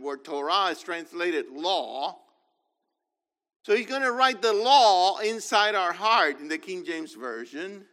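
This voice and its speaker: A man preaching in a high, bright voice that rings out with a long hall reverb. He teaches emphatically, repeating his points and checking in with the listeners. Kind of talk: sermon.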